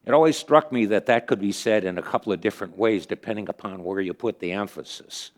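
A man giving a conversational sermon, retelling stories earnestly with pauses as he thinks. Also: lowish voice. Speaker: preacher.

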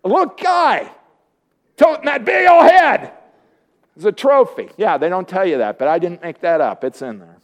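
High-voiced man retelling a Bible story. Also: sing-song, moderate pace. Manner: playful, joking asides to the congregation. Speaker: preacher. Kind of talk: humorous sermon storytelling.

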